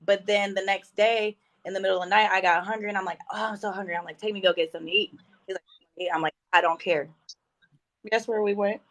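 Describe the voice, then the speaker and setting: Brief: woman, 30s, casual guest, lively storyteller doing voices in her anecdotes. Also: medium pitch, fast talker, poor audio. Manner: animated, acts out quoted dialogue. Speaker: podcast guest.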